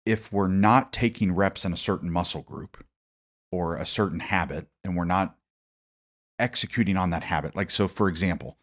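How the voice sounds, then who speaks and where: A man's voice: low voice, moderate pace, a bit bright. A man hosting a podcast conversation, thinking aloud and building on his guest's points with personal examples. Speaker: podcast host.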